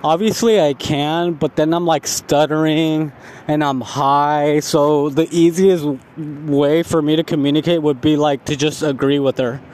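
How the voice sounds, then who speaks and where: A man's voice: a little high, steady tone, unhurried, darkish tone. A young man telling a rambling, profane story about himself in a casual vlog, laughing at himself.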